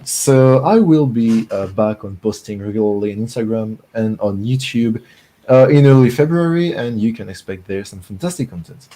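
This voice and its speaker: A man's voice: lowish voice, moderate pace, dark tone, rough recording. A man chatting casually about football as a guest on a call-in podcast, rambling with many fillers and restarts. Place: home room mid-move.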